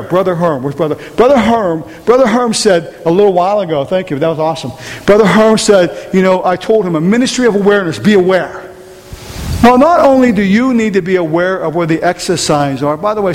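A man preaching a sermon to a congregation, emphatic and repeating rhetorical questions. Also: high voice. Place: large room with an audience. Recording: long hall reverb, faint hiss.

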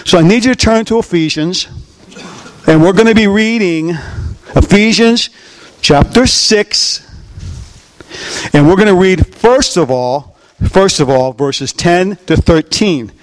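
A man's voice: high voice, measured pace, long pauses. A pastor preaching a sermon, asking his listeners questions and repeating key phrases. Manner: asks the crowd rhetorical questions, heavy repetition. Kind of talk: sermon, discipleship teaching.

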